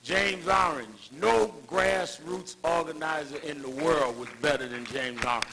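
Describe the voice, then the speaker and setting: A man's voice: on the high side, unhurried, creaky, background noise. An older man giving a rousing tribute speech at an event, building emphatic, preacher-like cadences around anecdotes. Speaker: speaker at a civil rights tribute.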